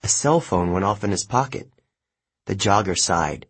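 Male narrator for an audiobook, low husky voice, measured delivery. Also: animated.

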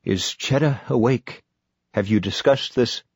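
A man reading an audiobook, voicing a gentle, worried husband and father who speaks in a soothing way. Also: mid-range voice, measured pace, breathy edge, no echo, clean studio sound.

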